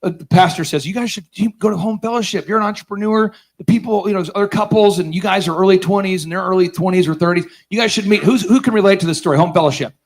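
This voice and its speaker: A man's voice: sits high, fast talker, hardly any pauses. A man hosting a business conference, telling a story with sarcasm and energy, acting out the voices and quizzing the audience. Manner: energetic, sarcastic, acts out voices in his stories. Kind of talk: live seminar storytelling to an audience.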